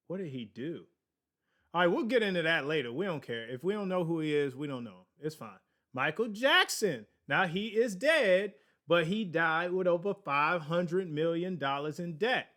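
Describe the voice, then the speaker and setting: A man's voice: high voice, fairly bright tone. A man hosting a casual finance podcast, rambling and digressing, with many fillers and laughs at himself. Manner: slow, drawn-out delivery with many fillers. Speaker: podcast host. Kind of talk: casual finance talk on a livestream.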